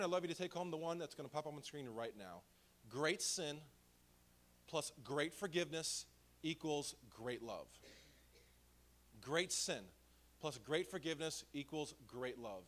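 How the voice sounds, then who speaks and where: A man's voice: fairly high pitch, expressive, moderate pace, long pauses, fairly bright tone. A male pastor preaching a sermon in a church, in a conversational, humorous storytelling way. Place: church sanctuary.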